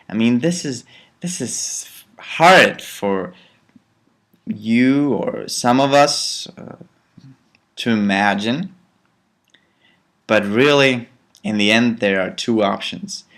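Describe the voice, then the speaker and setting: Slow easygoing guy doing a spiritual talk, animated, goes loud then really soft. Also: lowish voice, vocal fry. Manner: animated, swings from loud bursts to soft near-whispers.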